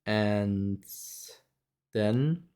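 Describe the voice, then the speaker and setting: Low-voiced man telling a story casually. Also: very slow, darkish tone. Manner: rambling, many fillers and restarts, frequent laughs. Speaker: vlogger.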